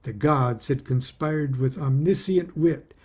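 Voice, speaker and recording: Slow, husky wry male storyteller. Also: mid-range voice, darkish tone. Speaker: author reading his own book. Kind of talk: reading aloud with personal asides.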